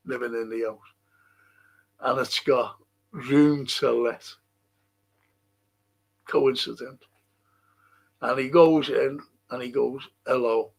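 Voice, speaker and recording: Husky and mid-range with vocal fry, this older man's voice carries his livestream. Reading viewer comments aloud, he wanders from topic to topic, cursing freely and frequently chuckling.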